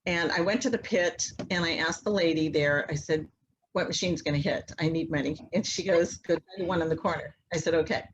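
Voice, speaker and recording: A woman guest telling a long personal story in a casual, animated way, acting out the voices of people in it. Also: sits low, brisk, dull audio, a little hiss or hum. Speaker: interview guest, mother.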